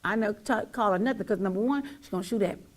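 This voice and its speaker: A middle-aged woman hosting a talk show gives her viewers an emotional, emphatic monologue, swinging from loud to nearly whispered and repeating lines for weight. Her mid-range voice races along.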